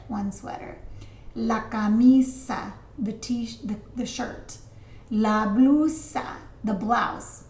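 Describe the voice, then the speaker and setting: A woman teaching a recorded lesson, chatty and full of asides, slowing down to pronounce each vocabulary word. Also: on the high side, gravelly, mellow, reverberant. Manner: chatty, explains with asides and fillers; slows down to pronounce vocabulary words. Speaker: Spanish teacher.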